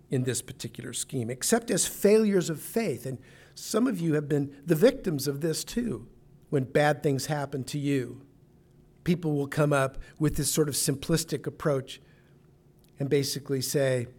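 A pastor delivers a sermon in an earnest, emphatic manner. His voice sits a little higher than most men's. He sometimes breaks off and restarts a phrase as he presses his point. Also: darkish tone.

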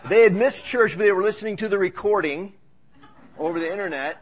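A pastor preaching to his church, a man whose voice sits a bit higher than most. He talks in an easy, conversational way and tells stories with a joking touch. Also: fairly quick. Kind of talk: sermon. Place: church service.

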